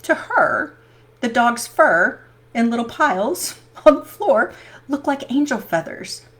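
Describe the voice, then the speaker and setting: A woman vlogger telling personal stories in a chatty, animated way, laughing often. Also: a little high, takes it slowly. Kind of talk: personal storytelling vlog.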